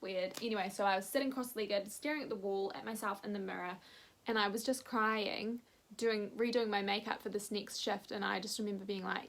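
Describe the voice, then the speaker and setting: Young aussie woman chatting to camera, candid and animated, acts out what people said. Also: mid-range voice, normal speed. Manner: candid, animated retelling with quoted voices. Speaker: vlogger. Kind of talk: casual storytelling chat.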